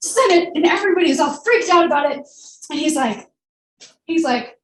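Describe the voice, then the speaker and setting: A woman speaking at a radio club meeting, telling stories in a lively way and acting out the people in them. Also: high voice, brisk, a little hiss or hum. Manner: animated, acts out the people in her stories. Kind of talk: lively storytelling talk. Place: meeting room. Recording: roomy, distant mic with faint ambience.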